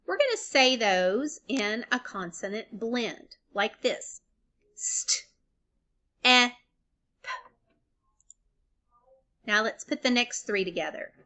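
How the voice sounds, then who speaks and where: A young adult woman teacher giving a recorded phonics lesson to young children, breaking words into sounds and syllables clearly and encouraging them. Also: fairly high pitch, sing-song, measured pace, hardly any pauses, a bit bright.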